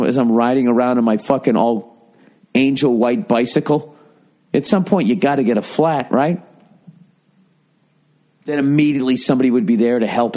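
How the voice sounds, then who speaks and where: A man's voice: mid-range voice, a little mellow. A middle-aged man hosting a comedy podcast, ranting with lots of swearing and slipping into mocking voices. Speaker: podcast host.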